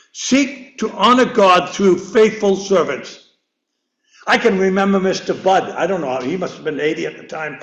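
A man's voice: high voice, fairly bright tone. An older man preaching a sermon in a chapel, rambling and repeating words, laughing at himself as he goes. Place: church chapel. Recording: echoey room.

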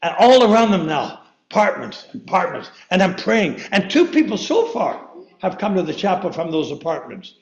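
An older man preaches a loose, rambling sermon, tripping over and repeating his words and chuckling at himself. His voice sits high, and the chapel around him rings with echo. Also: animated, moderate pace, darkish tone, muffled recording. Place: church chapel. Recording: echoey room.

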